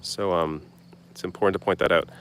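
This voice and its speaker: A young man with a deep, low-pitched voice reads viewer comments aloud and answers them on a live stream. He talks bluntly and casually, tossing in the odd swear. He's recording outdoors. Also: fairly even intonation, fairly quick, a bit bright, clear, resonant tone. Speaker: political commentary host. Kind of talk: live stream Q&A reading chat.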